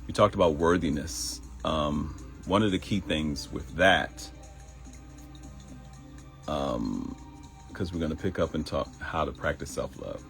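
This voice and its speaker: Low-pitched man, lively swinging delivery, motivational live-stream host, repeats his phrases, soft music underneath. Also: slow pace, vocal fry, pauses often. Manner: animated, repeats phrases, laughs at own jokes. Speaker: host of a live morning show.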